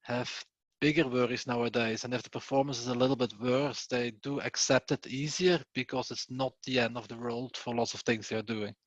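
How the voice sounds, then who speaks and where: A man talking in a relaxed, reflective way as a panelist in an online meetup. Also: medium pitch, brisk, dry recording, highs cut off. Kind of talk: casual online meetup discussion. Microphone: video call.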